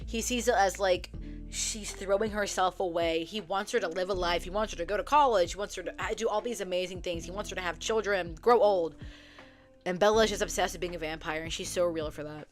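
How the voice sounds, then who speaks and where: A woman's voice: lowish voice, brisk. A young woman casually retelling a book story from memory, swearing freely and acting out the characters' lines. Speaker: book vlogger. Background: soft background music.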